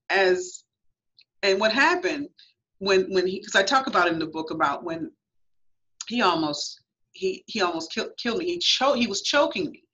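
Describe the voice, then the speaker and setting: On a radio talk show heard in lo-fi audio, a woman guest author tells her own story earnestly and emphatically, reenacting her past thoughts. Her voice is lowish with a fairly bright tone.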